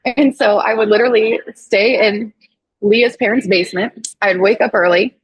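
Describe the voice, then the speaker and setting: Husky woman telling a candid story. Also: mid-range voice, moderate pace, dry recording, poor audio. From St. Louis, USA. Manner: animated, acts out quoted dialogue with swearing and laughs. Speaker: guest, associate doctor.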